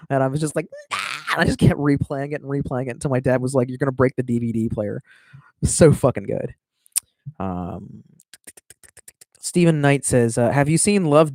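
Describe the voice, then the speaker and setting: A man's voice: medium pitch, no echo, clean studio sound. A man in his thirties chatting casually on a live stream, reading viewer comments and rambling with lots of swearing and self-mockery. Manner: profane, rambling, self-mocking.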